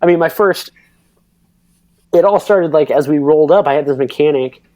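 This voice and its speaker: A man in his thirties telling a racing story on a podcast, rambling and animated with lots of fillers and acted-out quotes. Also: on the high side, moderate pace, dry recording. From United States. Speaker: podcast guest, pro cyclocross racer. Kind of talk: casual storytelling.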